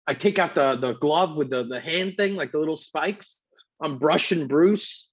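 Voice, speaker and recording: A New man hosting a comedy podcast while sick with covid, his voice husky and fairly high. He rambles through a story with plenty of swearing. The recording sounds dull and lo-fi. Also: moderate pace. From New York City. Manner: rambling, profane, animated storyteller. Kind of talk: casual storytelling chat.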